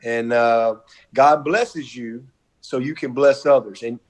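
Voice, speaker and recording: A man's voice: medium pitch, steady tone, slow pace. Middle-aged man, college coach type, folksy and effusive, video-call audio. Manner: warm, effusive, repetitive, folksy. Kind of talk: heartfelt video-call tribute.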